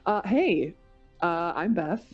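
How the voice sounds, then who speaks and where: A woman's voice: on the low side, expressive, slow pace, lo-fi sound, soft background music. A woman player in a tabletop game, chatting casually and upbeat, with filler words. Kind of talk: casual chat.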